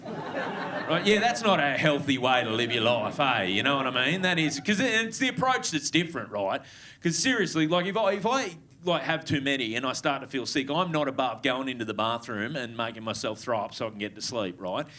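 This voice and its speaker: A man's voice: medium pitch, expressive, brisk, sharp tone. A man in his thirties with an Australian accent, performing a stand-up comedy set in a chatty, sweary way with lots of tag questions. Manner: conversational, swears freely, frequent tag questions. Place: comedy club stage with live audience.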